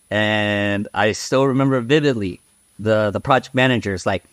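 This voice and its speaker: A podcast guest with a fairly low, fairly bright voice talks at normal speed, casually telling stories. He rambles frankly and outspokenly, full of fillers and tag questions, in a dry recording.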